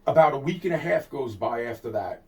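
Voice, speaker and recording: A man's voice: mid-range voice, lively intonation, a little fast. A man telling a personal story in a heated, profane, repetitive rant. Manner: heated, profane, repeats himself and restarts often. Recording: distant mic.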